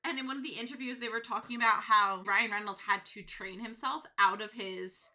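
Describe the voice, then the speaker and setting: A woman co-hosting a podcast, chatting casually and telling stories in an animated way with frequent laughs. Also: a little high, fairly quick. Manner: animated storyteller, laughs often. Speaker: podcast co-host. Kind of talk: casual chat.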